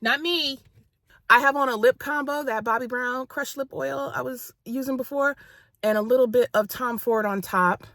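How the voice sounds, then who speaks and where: A woman's voice: high-pitched, steady tone, moderate pace, fairly bright tone. A woman vlogging in a casual, chatty way, laughing often and talking while she eats. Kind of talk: casual vlog chat.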